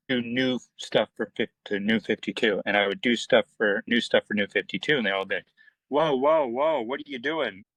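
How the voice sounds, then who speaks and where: A man's voice: fairly low pitch, dry recording, rough recording. A middle-aged man, a comic book writer, telling stories in a casual interview, acting out quoted dialogue with lots of fillers. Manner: animated, acts out quoted dialogue, many fillers.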